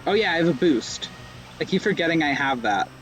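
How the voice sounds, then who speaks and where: A young male streamer talks through a racing game in a slightly high voice. He rambles, mocks himself and lets out sudden yelps, with faint game music in the background. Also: lively intonation, fairly quick, a bit bright. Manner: rambling, self-mocking jokes, sudden yelps. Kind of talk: live gameplay commentary.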